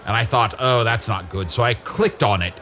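A man's voice: lowish voice, normal speed, bright, forceful tone. A man on an improvised comedy podcast, telling a goofy story in character with rambling, sheepish pacing.

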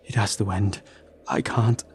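A man's voice: on the low side, steady tone, measured pace, slight background noise, natural voice. A man voicing a desperate, shaken armed man who gives tense, clipped commands in a faltering voice. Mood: threatening.

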